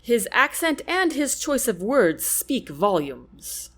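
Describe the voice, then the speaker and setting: A woman voicing a calm, assured young nobleman who speaks in a measured way. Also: fairly high pitch, exaggerated voice.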